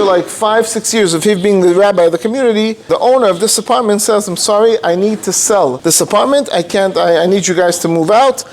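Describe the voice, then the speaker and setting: High-voiced rabbi telling a story. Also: male voice. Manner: animated storytelling, sprinkles Hebrew and Yiddish terms. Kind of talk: storytelling lecture.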